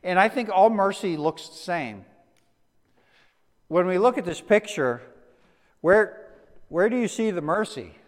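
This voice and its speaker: A man giving a conversational sermon as a pastor, often restarting words and dropping to a soft, slow hush for emphasis. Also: high-pitched, expressive, big-room sound. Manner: conversational, with frequent restarts and stammered repeats.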